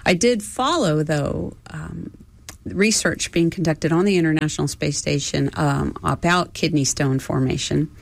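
A woman in her fifties, a former astronaut trainer and interview guest, recalls her past in an earnest, emotional way, with halting restarts. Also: low voice, creaky. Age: 50s. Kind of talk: reflective interview storytelling.

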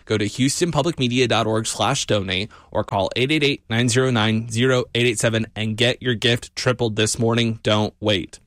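A man's voice: medium pitch, steady tone, moderate pace, few pauses, fairly bright tone, dry recording. A man hosting a public radio pledge drive, making an upbeat fundraising appeal from a studio mic and repeating his key points.

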